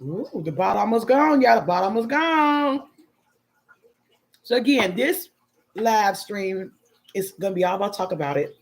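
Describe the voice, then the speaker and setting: A woman's voice: mid-range voice, expressive, moderate pace, pauses often. A middle-aged woman with a Chicago-area accent hosts a casual livestream, reading viewer comments and speaking candidly and emphatically. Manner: candid, emphatic, sipping wine. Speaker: livestream host.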